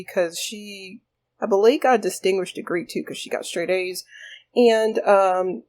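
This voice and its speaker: A woman's voice: medium pitch, gravelly. A woman hosting a life-sim game playthrough, talking through it in a bubbly, chatty way. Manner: bubbly, chatty, lots of fillers. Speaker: gaming video host. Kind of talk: casual let's play commentary.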